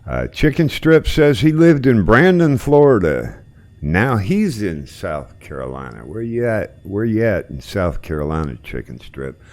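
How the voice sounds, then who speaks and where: A man's voice: on the low side, very animated, unhurried, a little mellow. A man hosting a casual live stream, chatting while distracted and reading out chat. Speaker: stream host flying a helicopter simulator.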